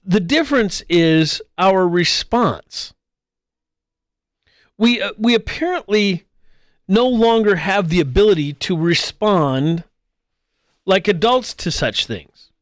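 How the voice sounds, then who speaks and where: A man's voice: high-pitched, animated, takes it slowly, long pauses, no room sound, clean studio sound. A man hosting a political commentary show, arguing his point and now and then mimicking squabbling voices mockingly. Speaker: podcast host.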